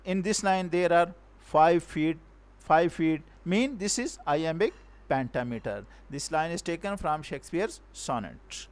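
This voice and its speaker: A male teacher giving a recorded poetry lecture, talking slowly and haltingly, restarting words and sounding out syllables and stresses aloud. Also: fairly high pitch, expressive, clear, resonant tone. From Pakistan.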